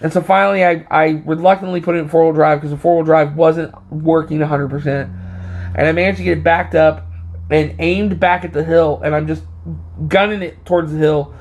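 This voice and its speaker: Rambling, slightly high-voiced man. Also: fairly even intonation, brisk, highs cut off. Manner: rambling, with many fillers and restarts. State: short of breath. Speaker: vlogger. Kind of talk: casual storytelling.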